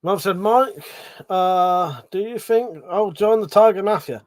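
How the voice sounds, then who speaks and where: A man's voice: high voice, a little slow. A middle-aged man hosting a casual livestream, reading chat messages aloud, swearing freely, laughing and mumbling asides. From Britain.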